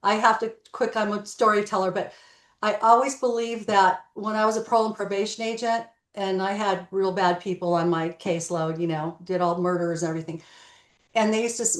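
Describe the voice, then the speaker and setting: A woman's voice: medium pitch, reverberant. A woman telling stories in an interview, acting out the dialogue as she goes. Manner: animated storyteller, acts out dialogue. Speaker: guest, real estate broker. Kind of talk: storytelling interview.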